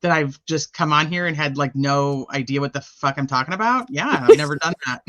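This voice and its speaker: A woman's voice: deep voice, a little fast, no room sound, lo-fi sound. A middle-aged woman hosting a casual live stream, swearing freely, laughing often and sounding a bit scattered.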